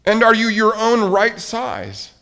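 A man voicing an excitable, boastful male toad in a storybook read aloud to children, high and loud. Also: slow pace, vocal fry, smooth, exaggerated voice. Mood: relieved.

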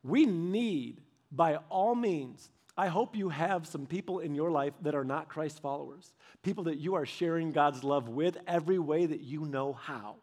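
A man's voice: fairly high pitch, moderate pace, few pauses, darkish tone. A man giving a sermon as a pastor, chatty and full of personal stories, often speaking straight to his listeners. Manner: conversational, anecdotal, speaks straight to the audience.

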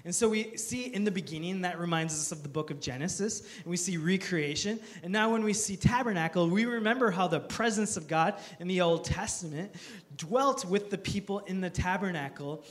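High-voiced man preaching a sermon. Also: brisk. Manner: lively storytelling with self-mocking humor; earnest, building emphasis. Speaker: pastor.

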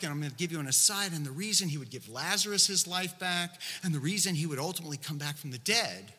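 A man's voice: fairly high pitch, animated, fast talker, few pauses, pushed and bright, breathy edge. A male preacher giving a sermon, conversational and explanatory, full of asides to the congregation, recorded with long hall reverb.

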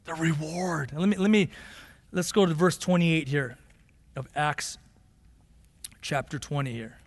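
A male pastor delivering an impassioned sermon, swinging from forceful, emphatic passages to low, slow, quiet stretches. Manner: impassioned preaching, rising to shouts then dropping low and slow. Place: church sanctuary. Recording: long hall reverb of a sanctuary.

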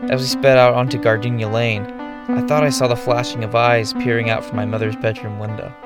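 A man reads a first-person horror story in a measured, ominous way. His voice sits at an ordinary male pitch, and clear music plays beneath the narration throughout. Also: little pitch movement.

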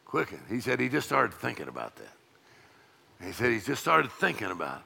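A middle-aged man preaching a charismatic sermon, breaking into loud shouts and rhythmic laughter. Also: medium pitch, huge pitch swings, normal speed, creaky, slight background noise.

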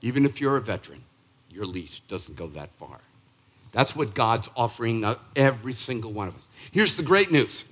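A man in his sixties from Boston, preaching a sermon as pastor in an emphatic, punchy way that jumps up in pitch and volume. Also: big pitch swings, moderate pace, a bit bright. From Boston, Massachusetts. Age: 60s. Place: church sanctuary.

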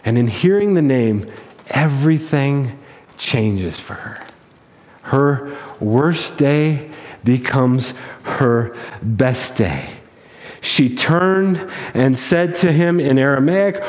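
A man's voice: medium pitch, slow pace, long reverb tail. A man preaching a sermon in an emphatic storytelling manner. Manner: storytelling, emphatic, rises to excitement.

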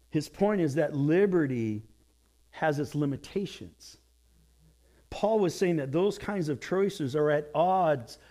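A man preaching a sermon as pastor, telling stories and jokes with lively acted quotes. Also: high-pitched.

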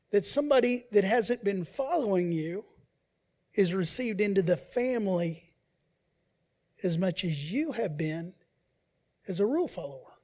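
A man preaching as a pastor, who swings between loud emphasis and quiet, hushed asides and acts out the voices he quotes. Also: high-pitched. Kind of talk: sermon.

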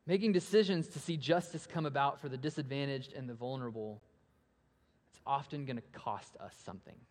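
A pastor delivers a sermon in a brisk, mid-range voice, his words carrying the long reverb of a large hall. He poses rhetorical questions, lets his voice swell and then drop to a hush, and grows animated when acting out the voices in his stories.

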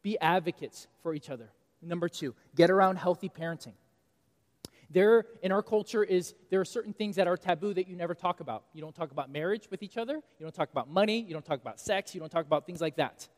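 A man in his thirties preaching a sermon as pastor, animated and swinging between loud and quiet for emphasis. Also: high voice, quick pace. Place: church sanctuary. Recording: long reverb of a church hall.

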